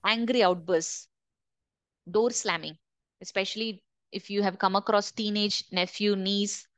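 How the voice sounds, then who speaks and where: A woman's voice: mid-range voice, fairly even intonation, unhurried, clean tone, dry recording. A middle-aged woman leads a workshop, talking in a conversational way and putting questions to the group. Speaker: corporate trainer. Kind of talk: workshop talk to a live group.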